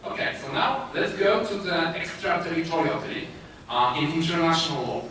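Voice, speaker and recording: A man with a Polish accent giving a conference talk, speaking haltingly with many filler sounds and restarts. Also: a little high, lively intonation, bright, forceful tone. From Poland. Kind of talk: conference presentation. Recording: echoey hall, distant mic, noisy.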